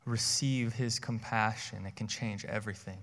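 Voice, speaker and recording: A man's voice: on the low side, steady tone, normal speed, fairly bright tone, in a large hall. A man giving a sermon in a conversational way, telling a personal story and often repeating words as he starts a phrase. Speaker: preacher.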